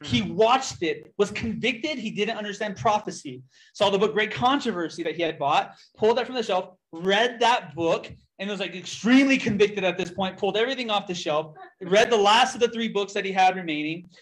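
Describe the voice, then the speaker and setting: A young man giving a testimony in a church, telling his story with lively quoted dialogue. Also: sits high, fairly quick. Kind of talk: testimony sermon.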